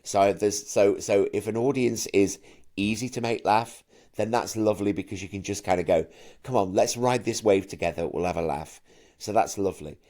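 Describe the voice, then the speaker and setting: A middle-aged man from Manchester, a camp and animated actor and singer who often stammers into his sentences while chatting as an interview guest. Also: fairly low pitch, normal speed. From Manchester, England. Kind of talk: casual interview chat.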